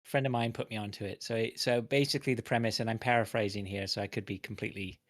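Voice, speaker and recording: A man's voice: lowish voice, fairly even intonation, fast talker. A man co-hosting a gaming podcast, explaining things casually with hedges and "right?" checks. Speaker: podcast co-host. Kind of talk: casual chat.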